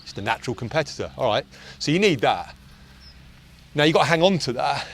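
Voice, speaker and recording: A man's voice: mid-range voice, sing-song, a little fast, a bit bright, slight background noise. A man in his forties, a performance coach, talking casually and bluntly, telling stories with the odd swear word. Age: 40s. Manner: intense, blunt, storytelling with swearing. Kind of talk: casual chat. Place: golf course outdoors.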